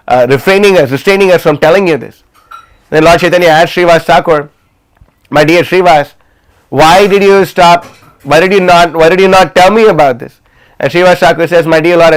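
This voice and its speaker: Storytelling man with a smooth voice. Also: on the high side. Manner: retells stories with many fillers and restarts. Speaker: class speaker. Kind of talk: storytelling class talk. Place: livestreamed class.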